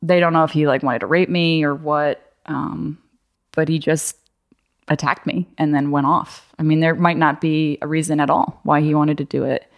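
A woman's voice: low-pitched, fairly even intonation, moderate pace, creaky. A young woman casually telling a personal story, chatty and full of fillers, often laughing.

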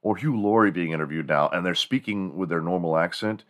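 A man's voice: low voice, a little fast, a bit bright. A man from the United States rambling through a casual, profane comedic monologue as a show host. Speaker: podcast host.

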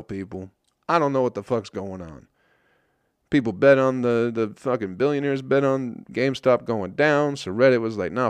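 A man's voice: mid-range voice, no room sound. A young man hosting a podcast, rambling in casual chat with lots of swearing and wry self-mockery. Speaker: podcast host. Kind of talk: casual solo podcast rant.

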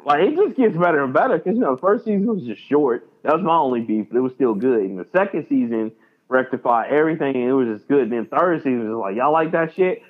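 A man co-hosting a podcast in casual chat, animated and excitable, acting out his reactions. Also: medium pitch, fast. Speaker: podcast co-host. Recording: tinny phone-like line.

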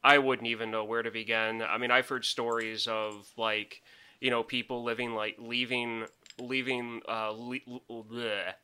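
A man's voice: medium pitch, level tone, moderate pace, pushed and bright, clear, resonant tone. A married man co-hosting a podcast, rambling casually and laughing often. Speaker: podcast co-host. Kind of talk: casual chat.

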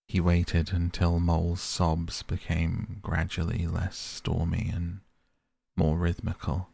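A man reading a classic children's book aloud in a soft, gentle bedtime style on a close mic. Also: low-pitched, monotone, creaky, breathy edge, no echo. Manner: gentle, unhurried. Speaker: audiobook narrator.

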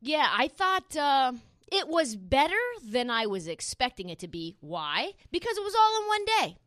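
Bright, high-voiced brash woman host. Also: very animated, normal speed, no echo, studio quality. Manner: brash, playful, boastful, laughs often. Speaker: podcast host. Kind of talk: casual sports podcast chat.

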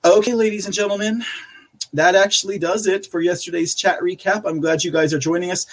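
Male podcast host with a high voice, chatty and rambling, full of fillers and quick laughs. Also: fairly even intonation. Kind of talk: casual live-stream chat recap.

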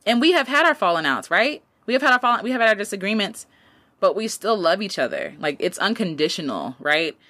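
A woman in her late twenties giving casual advice as a podcast host, animated and slangy, jumping up in pitch to stress a point. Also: a little fast, no echo. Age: late 20s.

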